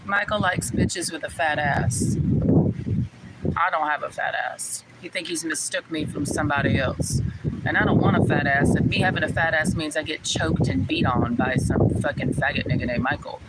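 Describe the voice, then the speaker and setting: A woman's voice: deep voice, moderate pace. A young woman talking to her chat on a livestream, indignant and profane, firing the same rhetorical questions again and again. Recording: loud vehicle noise behind.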